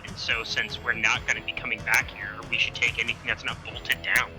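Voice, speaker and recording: A man playing a tabletop game who chats casually and asks quick, skeptical questions. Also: medium pitch, flat delivery, over music, poor audio. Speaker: player.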